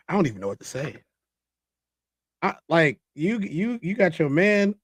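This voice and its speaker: A man's voice: a little high, sing-song, a little slow, slightly rough, dry recording. Laid-back man reacting, dry sound. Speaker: show host reacting to a clip. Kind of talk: casual commentary.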